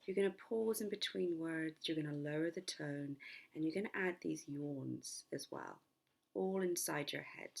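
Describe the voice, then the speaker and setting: Husky, gravelly woman hypnotherapist. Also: deep voice, a little mellow. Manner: chatty and repetitive, demonstrates slow sleepy whispered inner voice. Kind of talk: casual spoken self-help lesson to camera.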